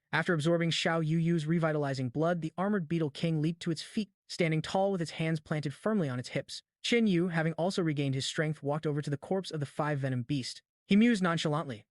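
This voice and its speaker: A man reading a recap story aloud, narrating the action and the dialogue of every character in the same even voice. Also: fairly high pitch, fast, no echo, clean studio sound. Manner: reads all the dialogue in one even narrating voice. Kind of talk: scripted narration.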